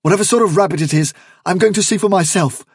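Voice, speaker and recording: A man's voice: medium pitch, normal speed, husky, dry recording, studio quality, voice pushed up. A man voicing a young male rabbit leader who speaks in a firm, urgent way.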